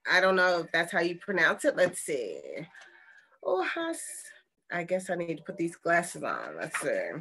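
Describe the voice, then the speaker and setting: Woman host, low-ish voice, relaxed and folksy, does an easygoing oracle card reading for her viewers. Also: unhurried, slight background noise. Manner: chatty and relaxed, folksy slang. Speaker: host and intuitive healer. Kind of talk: casual spiritual vlog with oracle card reading.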